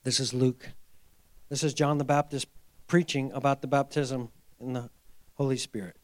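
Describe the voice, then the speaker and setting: A middle-aged male pastor preaching a sermon, telling a story and then building to fervent exhortation, moving from hushed tones to loud emphasis. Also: medium pitch, fairly even intonation, normal speed.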